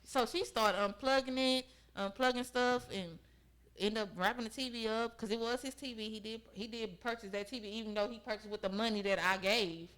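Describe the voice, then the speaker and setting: A woman's voice: fairly high pitch, steady tone, brisk, fairly bright tone, poor audio. A young woman talking as a podcast guest, telling a personal story in an earnest, emphatic way and often checking in with her listeners. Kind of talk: conversational storytelling.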